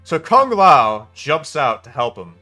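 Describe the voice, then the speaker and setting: A man's voice: a little high, big pitch swings, takes it slowly, pushed and bright, faint music behind. A man giving a casual spoken film review, venting in an exasperated, profane way. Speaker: movie reviewer.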